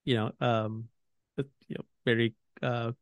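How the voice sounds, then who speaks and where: Man, podcast host, casual lore chat, rambling with fillers, mid-pitched voice, dry close sound. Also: flat delivery, slow pace, no echo, lo-fi sound. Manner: rambling, heavy on fillers like "you know" and "like".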